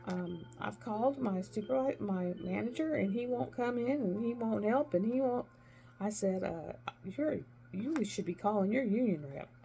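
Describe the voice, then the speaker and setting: A middle-aged woman and former nurse chatting casually while she crafts, retelling conversations with emphatic, animated delivery. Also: mid-range voice, normal speed, creaky, faint music behind.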